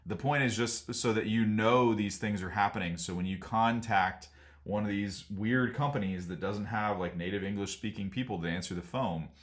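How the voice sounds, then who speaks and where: A man's voice: on the low side, moderate pace. A man hosting a casual vlog, rambling and frank as he warns viewers about a business problem. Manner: rambling, frank, laughs at absurd points. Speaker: sauna business owner and channel host.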